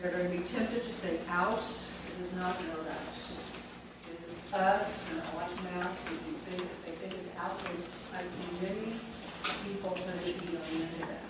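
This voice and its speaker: A woman's voice: fairly low pitch, fairly even intonation, normal speed. A woman leading a spelling lesson for teachers, firm and directive, repeating and drilling each word. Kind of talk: classroom teaching demonstration. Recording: echoey room from far off, background noise.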